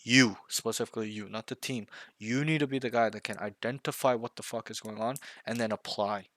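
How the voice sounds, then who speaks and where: Blunt, intense man coaching, bright voice. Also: on the low side, fairly even intonation, a little fast, dry recording, studio quality. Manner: blunt, intense, pushy with swearing; repeats himself, checks in with okay and right. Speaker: game coach. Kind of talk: one-on-one coaching talk.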